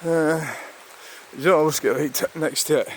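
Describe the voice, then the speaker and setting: A Scottish man rambles to his camera while walking outdoors, his voice slightly high for a man. He talks casually and swears now and then. A clear, rushing stream runs under everything he says. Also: fairly even intonation, slight background noise. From Scotland. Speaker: vlogger. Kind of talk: casual walking vlog talk. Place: outdoors by a river and waterfall.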